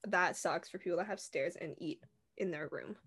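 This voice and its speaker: A young woman co-hosting a casual podcast, telling stories in a giggly, animated way and acting out what people said. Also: on the low side, normal speed, husky. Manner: giggly, animated storytelling with acted quotes. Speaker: podcast co-host. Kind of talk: casual chat.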